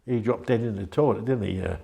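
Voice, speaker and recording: A man's voice: lowish voice, a little fast, creaky, warm tone. An older man, chatty and rambling as he tells anecdotes in an interview. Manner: rambling, chatty, with frequent restarts. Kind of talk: anecdotal storytelling.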